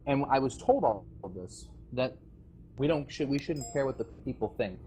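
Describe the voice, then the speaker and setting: A man speaks into a voice-chat microphone, delivering an aggrieved, rambling speech to a community of players. His pitch sits in an ordinary middle range, and he stumbles through restarts and nervous laughs. A faint hiss runs under the voice. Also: lively intonation, normal speed, mellow. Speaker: former game server staff member addressing players.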